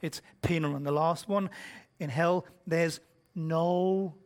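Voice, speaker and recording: Man, preacher, sermon, fairly high voice, blunt, whispers then shouts. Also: steady tone, slow pace. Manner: swings from hushed whispers to shouted intensity; blunt and confrontational, quizzes the congregation.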